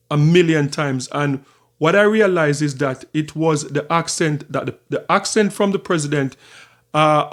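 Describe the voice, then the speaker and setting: A man hosting his own channel, talking through his thoughts in casual commentary and often repeating and restarting phrases. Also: a little high. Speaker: channel host.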